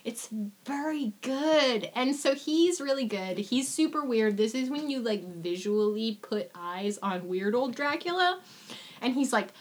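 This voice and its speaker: A young woman co-hosting a podcast in casual chat, animated and swearing freely as she acts out lines in voices. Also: on the high side, unhurried. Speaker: podcast co-host.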